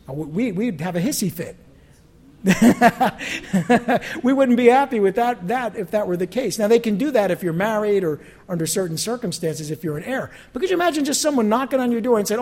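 A high-pitched man leading a Bible study. He talks like a pastor chatting with his flock, animated and conversational. He slips into quoted voices as he tells his stories. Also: a little fast.

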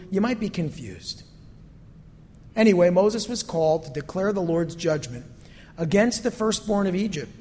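Recorded in a church sanctuary with long hall reverb, this male pastor has a high-pitched, slightly mellow voice. His sermon is conversational and full of rhetorical questions.

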